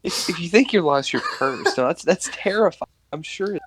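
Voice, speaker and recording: A man's voice: fairly high pitch, lively intonation, normal speed. A young man co-hosting a casual podcast, stammering through restarts and laughing easily. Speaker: podcast co-host. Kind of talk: casual chat.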